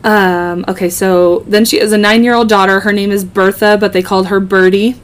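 A woman's voice: medium pitch, flat delivery, a little fast, few pauses. A woman hosting a podcast, casually narrating a true-crime case with joking asides and many ums. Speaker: podcast host.

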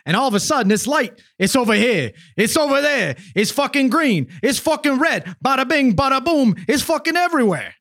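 Man putting on a swaggering South Jersey street guy, cagey and cursing, high lively voice, dry sound. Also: a little fast, few pauses, no echo, heavily acted. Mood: excited. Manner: swearing, tough-guy slang, cagey. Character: defensive streetwise South Jersey male witness.

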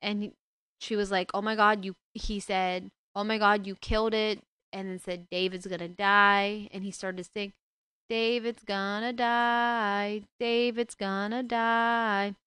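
A woman's voice: medium pitch, flat delivery, moderate pace, sharp tone, clear, resonant tone, no echo. A woman hosting a casual book talk, retelling a story with emotional, indignant asides. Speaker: book discussion host.

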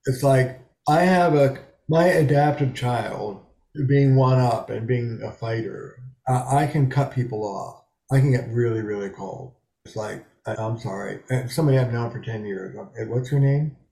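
Gravelly old guy in his 70s, frank, swears a bit, mellow tone, echoey little room. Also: medium pitch, moderate pace. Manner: frank, emphatic, swears freely. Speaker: psychotherapist guest. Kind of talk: candid interview conversation. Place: small bedroom study in a rental.

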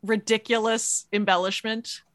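A woman's voice: a little high, level tone, measured pace, no echo. A woman playing a tabletop game, casually asking about rolls and rules. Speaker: player. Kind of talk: casual play chat.

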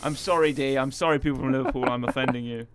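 A chatty man recapping a TV episode in casual podcast talk. He jokes along, acting out characters in a mid-pitched voice. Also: fairly even intonation, quick pace, noisy background. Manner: chatty, jokey, acts out characters. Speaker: podcast co-host.

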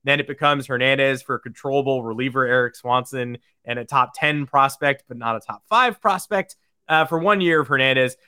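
A man's voice: mid-range voice, brisk, bright, forceful tone, clear, resonant tone, no echo, studio quality. A man co-hosting a sports podcast in upbeat casual talk, reading out listener questions. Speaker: podcast co-host.

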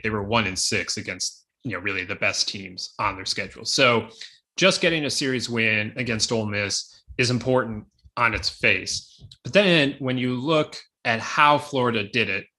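A man co-hosting a podcast, talking casually with quick asides. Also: fairly low pitch, bright, forceful tone. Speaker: podcast co-host. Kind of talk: casual sports chat.

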